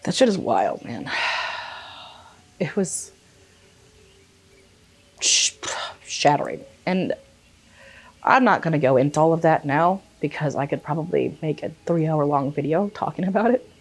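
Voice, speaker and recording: A young woman vlogger telling a personal story in a casual way, animated and swearing freely, acting out quotes. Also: deep voice, moderate pace, husky.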